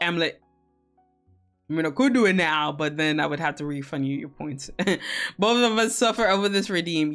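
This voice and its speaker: A young woman with a low, fairly bright voice hosts a co-working stream. She chats casually with viewers, rambling along with plenty of fillers, swearing and laughter.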